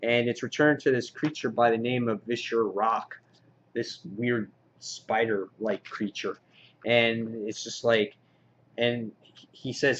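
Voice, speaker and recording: A man giving a casual comic book review, with many "uh" fillers, getting excited as he retells the story. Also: medium pitch, slow pace, muffled recording, slight background noise. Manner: frequent "uh" fillers, excitable retelling with quoted lines.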